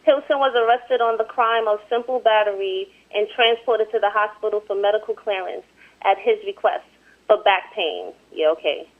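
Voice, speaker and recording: Soft-spoken woman on a tinny phone line. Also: mid-range voice, normal speed. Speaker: show guest and co-host. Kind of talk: casual chat and reading news aloud.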